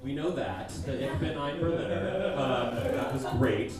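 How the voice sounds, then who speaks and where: A man doing a stand-up roast while sick, rambling and halting in a self-deprecating way on a comedy club stage. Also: medium pitch, lively intonation. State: sick, congested. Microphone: stage mic at a distance. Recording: echoey stage from far off, crowd laughter.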